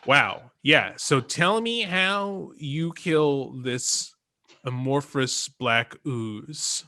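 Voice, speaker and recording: A man running a tabletop role-playing game as game master, narrating combat with lively enthusiasm. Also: mid-range voice, extremely slow.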